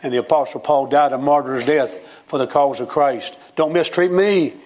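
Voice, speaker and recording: A man's voice: mid-range voice, fairly even intonation, normal speed, darkish tone. An older man preaching a sermon in a folksy storytelling manner, quoting scripture along the way.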